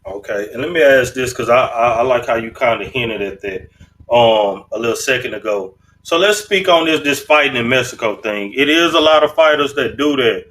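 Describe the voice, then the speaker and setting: A man hosting a casual interview, asking loose, relaxed follow-up questions. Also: medium pitch, normal speed, recorded from a distance, rough recording. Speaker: podcast host, interviewer.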